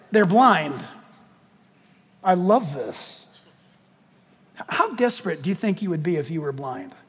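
A man preaching a sermon in an animated, joking way, putting questions to his audience. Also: sits high, breathy edge, big-room sound.

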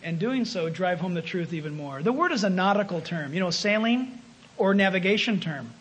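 High, bright-voiced preacher. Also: male voice, animated, a little fast. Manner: emphatic, swinging between loud calls and hushed asides. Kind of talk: sermon.

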